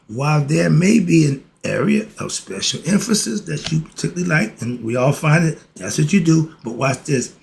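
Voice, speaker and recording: A man's voice: on the high side, vocal fry, slight background noise. A man giving a casual teaching talk on yoga philosophy, asking rhetorical questions and answering them himself, with slangy asides.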